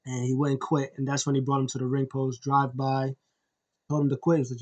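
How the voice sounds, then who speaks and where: A man hosting a wrestling review, retelling a match in an excited, rambling play-by-play way. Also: mid-range voice, fast talker. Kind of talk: casual wrestling recap.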